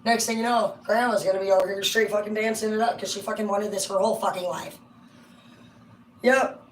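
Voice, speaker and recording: A middle-aged woman giving a casual, rambling tarot reading on a livestream. She talks excitably and swears constantly. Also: medium pitch, fairly quick. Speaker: tarot card reader. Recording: roomy sound from a distance, faint hum.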